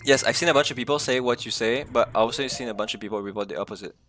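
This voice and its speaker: A man's voice: medium pitch, very fast, a bit bright, a little hiss or hum. Casual swearing male game streamer. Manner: rambling, talks to chat, swears freely. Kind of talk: casual live-stream chat while gaming.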